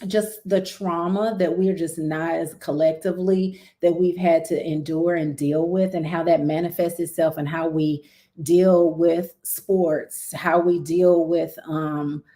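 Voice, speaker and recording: A woman's voice: lowish voice, a little slow. A woman, a guest on a talk stream, speaking earnestly and telling a story in a conversational way. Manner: earnest, storytelling, animated when recounting. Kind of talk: conversational discussion.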